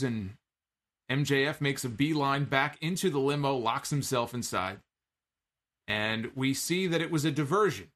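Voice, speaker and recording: A man's voice: mid-range voice, fairly bright tone. A man giving a casual spoken recap of a wrestling show, conversational with wry asides and frequent filler words.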